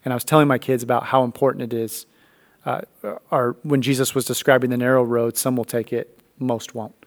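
Man, 30s, animated storyteller, faith talk, plays out the dialogue. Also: mid-range voice, fairly quick.

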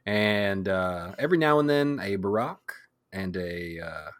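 A man hosting a podcast, joking and quick to laugh in casual banter on a close mic. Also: sits low, animated, dry recording.

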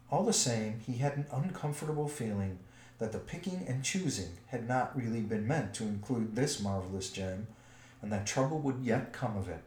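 A man narrating a storybook in a measured, expressive way. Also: mid-range voice. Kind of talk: storybook reading. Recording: roomy echo.

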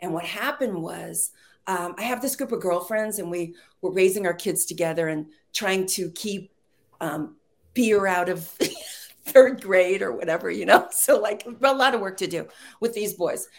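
Here a Texas-born playwright and screenwriter in middle age shares anecdotes as a chat guest, her medium-pitched voice marked by vocal fry. She tells stories animatedly and laughs a lot.

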